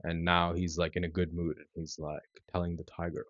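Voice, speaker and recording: A man in his thirties telling a fable in a relaxed, conversational way, full of "like" and "you know". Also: low voice, moderate pace, few pauses, dry recording, lo-fi sound. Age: 30s. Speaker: vlogger. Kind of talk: casual storytelling vlog.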